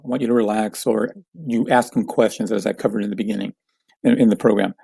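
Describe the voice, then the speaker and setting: A man teaching a communication lesson, calmly explaining with example phrases. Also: fairly low pitch, vocal fry, slightly rough, dry recording. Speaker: communication coach.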